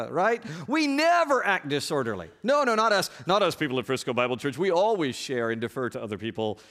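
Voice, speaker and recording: A man's voice: mid-range voice, expressive, slow pace, creaky, hardly any pauses. A man preaching a sermon puts on an exaggerated mock French accent to voice a smug, self-righteous churchgoer. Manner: exaggerated, teasing mockery.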